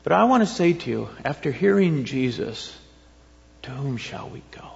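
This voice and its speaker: A man preaching a relaxed, rambling sermon, his slightly high voice rough with gravel. He keeps asking the congregation rhetorical questions between scripture readings. The sound is dull and rings with a long church echo. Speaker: pastor. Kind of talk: conversational sermon. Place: church sanctuary. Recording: dull, echoey church recording.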